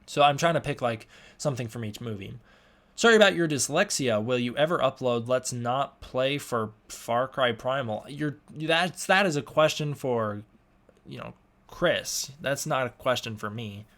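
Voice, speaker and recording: Young adult male streamer, casual home chat, reads comments aloud haltingly, mid pitch. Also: animated, fairly bright tone. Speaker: livestream host answering chat questions.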